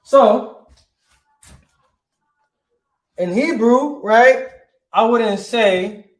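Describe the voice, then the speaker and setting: A man's voice: extremely high pitch, echoey room. A man giving an informal Bible language lesson, checking in with "right?" and stopping to look up words as he goes. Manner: casual, repeats "right?" often, pauses to look things up. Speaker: teacher.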